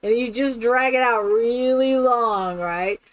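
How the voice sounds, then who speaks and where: A woman with a fairly high voice chats casually while streaming a game. She tells stories with animation, laughs often and keeps checking in with "right?". The sound is dry and close, with no room echo. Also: slow pace, clear, resonant tone.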